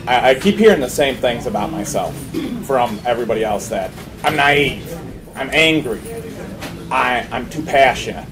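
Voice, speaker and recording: A man's voice: mid-range voice, lively intonation, moderate pace. Man, mayoral candidate, campaign speech, impassioned, emphatic, noisy room.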